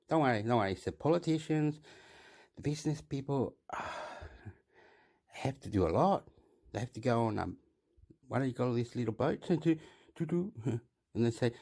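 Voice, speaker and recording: A man's voice: medium pitch, expressive, normal speed, long pauses, a little mellow. A man giving loose, rambling commentary, chuckling often and swearing casually.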